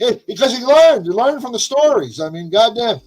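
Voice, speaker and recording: A man's voice: very high-pitched, sing-song, fairly quick, a little mellow, rough recording. A man, a wrestling agent, chatting as a guest with energy and repeating words as he gets going. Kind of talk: casual chat.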